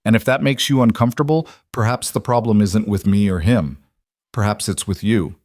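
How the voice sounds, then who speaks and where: A man's voice: fairly low pitch, brisk, a little mellow, no echo, clean studio sound, close to an everyday voice. A man voicing a grieving widow who speaks firmly and pleads, raising her voice. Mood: firm, hurt. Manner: raised voice, pleading then defiant. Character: grieving widow, proud and firm.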